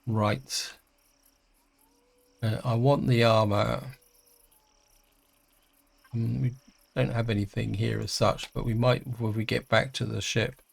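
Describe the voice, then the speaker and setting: A middle-aged man giving casual let's-play commentary, chatty and hesitant, thinking aloud with many pauses. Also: medium pitch, level tone, creaky. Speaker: gaming channel host.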